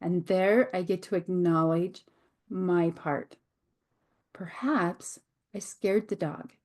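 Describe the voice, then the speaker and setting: A middle-aged woman hosting her own show, a hypnotherapist giving a reflective teaching talk with pauses and restarts. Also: on the low side, steady tone, darkish tone. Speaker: host and hypnotherapist.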